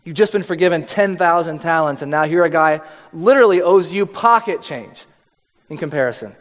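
A man preaches in a loose, conversational style, reading scripture aloud and acting out the lines. His voice sits high for a man, and it rings with a long hall reverb. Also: expressive, fairly quick. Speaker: pastor.

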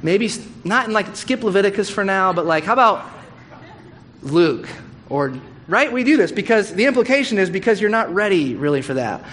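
A man's voice: high-pitched, moderate pace, a little hiss or hum. Candid, conversational pastor man preaching. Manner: conversational, candid, animated with asides. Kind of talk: sermon. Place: church hall.

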